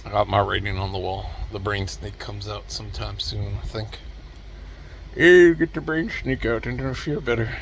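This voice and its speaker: A man's voice: steady tone, normal speed, vocal fry, slight background noise. Weary, mumbling man talking alone. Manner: mumbling, weary, low-energy. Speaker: vlogger. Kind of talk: rambling solo monologue.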